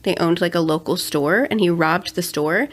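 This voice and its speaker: A woman's voice: lowish voice, normal speed. A young adult woman co-hosting a casual true-crime podcast, chatty with sarcastic asides. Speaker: podcast co-host.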